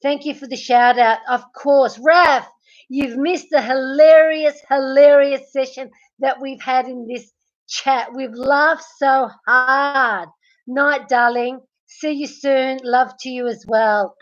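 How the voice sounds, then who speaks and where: A woman hosting a casual late-night livestream from her bed, chatting with viewers by name and laughing a lot, her voice getting hoarse. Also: high-pitched, steady tone, takes it slowly, muffled recording. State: losing her voice. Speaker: livestream host. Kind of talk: casual live chat reading comments. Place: at home, in bed.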